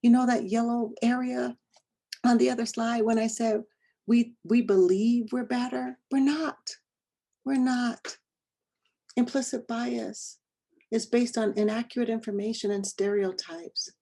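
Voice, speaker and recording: A middle-aged woman presenting a lesson, telling a personal story in an animated way, acting out dialogue and dropping to whispers. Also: a little high, normal speed, gravelly.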